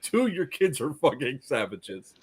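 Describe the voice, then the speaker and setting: A man's voice: medium pitch, unhurried, slightly rough. A man in casual chat, telling a story with energy and acting out the people in it. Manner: animated, acts out the people in his story.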